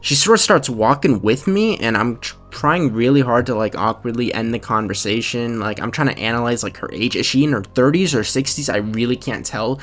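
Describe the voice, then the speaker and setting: A man's voice: medium pitch, fairly quick, few pauses, fairly bright tone, soft background music. A man in his twenties telling a story in a rambling, casual rant, full of swearing and fillers. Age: 20s. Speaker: vlogger.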